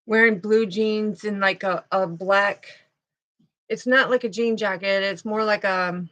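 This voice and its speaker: A woman giving a spiritual channeling reading, tearful and halting, speaking slowly with sadness in her voice. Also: medium pitch, fairly even intonation, a bit bright. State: tearful, sad voice. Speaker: intuitive tarot reader.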